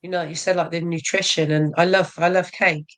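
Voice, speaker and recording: Woman in her 40s chatting about bodybuilding, frank, laughs a lot, slightly low voice. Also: level tone, brisk. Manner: frank, self-mocking, laughs often. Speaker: bodybuilder guest. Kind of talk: casual interview chat.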